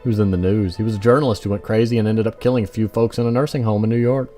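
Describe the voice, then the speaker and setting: A man's voice: on the low side, fairly even intonation, racing, warm tone, soft background music, natural voice. A man voicing a sarcastic male protagonist who narrates his own story in a game. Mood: wry. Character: wary, sarcastic Irish-American man, stubborn.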